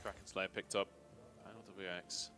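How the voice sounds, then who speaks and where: A man casting a live esports match, giving analysis with lively, laughing banter. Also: low-pitched, normal speed, soft background music. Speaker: esports caster. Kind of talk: live color commentary.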